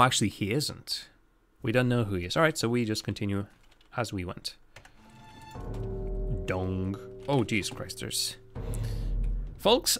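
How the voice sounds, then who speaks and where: A man's voice: mid-range voice, fairly bright tone. A man streaming a game live, chatting casually with viewers and thinking aloud as he plays. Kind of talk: live gameplay commentary.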